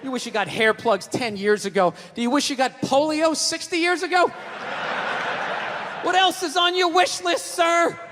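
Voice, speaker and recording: A man doing a stand-up routine, ranting loudly and swearing a lot. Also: very high voice, fairly even intonation, moderate pace. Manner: ranting, profane, loud and emphatic. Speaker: stand-up comedian. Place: comedy stage before a live audience. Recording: live stage recording, long reverb, audience noise.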